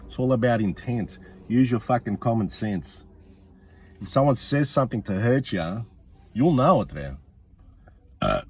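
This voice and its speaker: A man's voice: medium pitch, a little mellow, slight background noise. A man, a comedian ranting bluntly and swearing often, repeating his points for emphasis. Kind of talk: profane comic rant.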